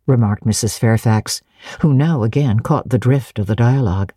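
A woman giving a dramatic reading of a classic novel, narrating in the first person in a measured way. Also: very deep voice, mellow, husky, dry recording, clean studio sound. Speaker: reader.

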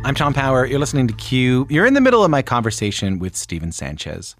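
A male radio host speaks with a lively, swinging pitch and a playful, reactive manner. Soft music sits faintly beneath his voice. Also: fast talker, no echo, studio quality. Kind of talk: casual interview chat.

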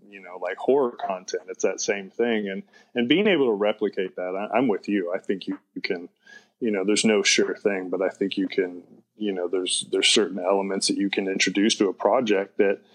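A man's voice: deep voice, fairly even intonation, moderate pace, rough recording. A younger man, a filmmaker guest, talking casually in a rambling way, full of "you know". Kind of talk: casual interview chat.

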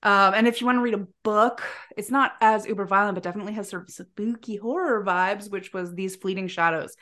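A woman's voice: medium pitch, steady tone, brisk, a bit bright. Playful woman co-hosting a podcast. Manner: laughs often, playful. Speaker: podcast co-host. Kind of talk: casual podcast chat.

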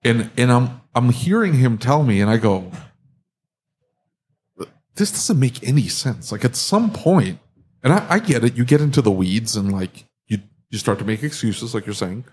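A man's voice: mid-range voice, animated, normal speed, a little mellow, slightly rough. A man co-hosting a podcast, chatting casually, telling rambling, self-mocking stories and laughing often. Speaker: podcast co-host, auto shop owner. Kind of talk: casual chat.

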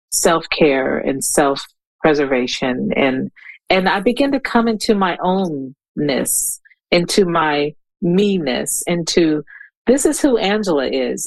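A woman in her fifties talks slowly and haltingly, often starting over as she searches for the right words. Her voice sits a little low, and the sound is dry and close. She is a guest in an interview. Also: lively intonation, no echo, poor audio. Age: 50s. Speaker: guest poet. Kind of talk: interview conversation with poetry reading.

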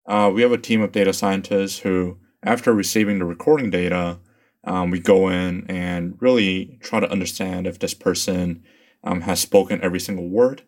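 A man who is a company executive, answering in a measured way over a remote interview. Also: sits low, fairly even intonation, a little mellow. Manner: measured, with fillers.

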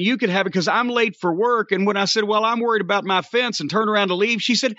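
A man hosts a podcast and tells a long, profane story, acting out his own yelling along the way. His voice sits very high and sounds sharp and forceful. The recording is dull and lo-fi, with a dry, close sound. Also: fast talker, hardly any pauses. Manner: profane, animated, reenacts shouting. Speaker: podcast host. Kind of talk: storytelling rant.

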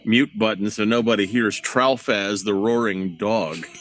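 A man co-hosting a podcast in casual chat, blunt and profane in his remarks. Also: measured pace. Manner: blunt, profane, expressive pitch. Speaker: podcast co-host.

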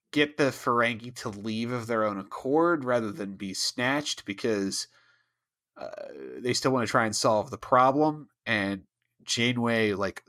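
Bright-voiced man ranting with profanity. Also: mid-range voice. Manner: profane, exasperated, mocking voices. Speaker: podcast co-host. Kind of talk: casual ranting chat.

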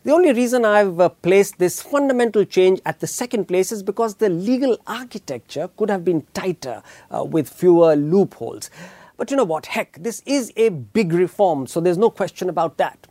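A middle-aged man with an Indian English accent hosting an opinionated news commentary, emphatic and deliberate, with frequent filler pauses. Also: sits high, expressive, mellow, no echo. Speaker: commentary show host.

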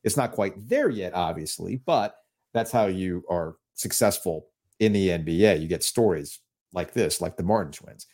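Male sports podcast host, animated and jokey, very lively pitch. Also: moderate pace. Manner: animated, jokey, mock-indignant rants. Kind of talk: casual sports chat.

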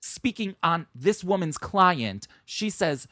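A man co-hosting a podcast in casual chat, talking in an animated, indignant way and laughing often. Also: fairly high pitch, moderate pace, no echo, clean studio sound. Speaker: podcast co-host.

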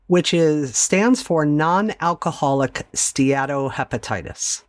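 A woman's voice: sits low, lively intonation, slow pace, hardly any pauses, a little mellow, no room sound. Candid woman telling her story, dry sound. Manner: candid, conversational, wry asides. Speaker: podcast host. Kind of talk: personal storytelling monologue.

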